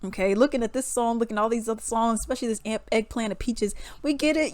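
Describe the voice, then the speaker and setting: A woman's voice: a little high, fast, few pauses, a little mellow, no room sound. A young woman, giving casual music commentary, laughing often and mocking songs in singsong voices.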